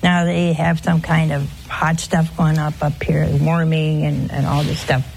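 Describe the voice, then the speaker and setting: Woman, religious broadcaster, slow and earnest storytelling, slightly low voice. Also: flat delivery, vocal fry, noisy background. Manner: earnest, emphatic storytelling, sometimes dropping to a hushed voice. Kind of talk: informal spiritual talk with a story.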